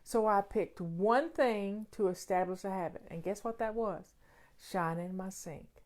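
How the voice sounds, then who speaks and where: A woman's voice: medium pitch, unhurried, a little mellow. A woman hosting a casual question-and-answer show on home organizing, talking in an emphatic, folksy way and repeating key phrases.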